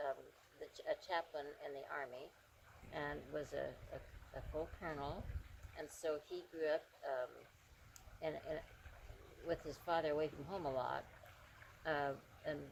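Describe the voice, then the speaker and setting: A woman guest in a casual interview, speaking gently with frequent fillers and pauses. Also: low voice, slight background noise, low-quality recording.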